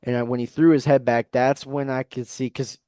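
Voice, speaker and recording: Brief: young adult man, podcast guest, animated storyteller, mid-pitched voice, dry close recording. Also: brisk, clear, resonant tone, no echo. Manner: animated, breathless retelling with frequent "you know what I mean". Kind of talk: casual storytelling.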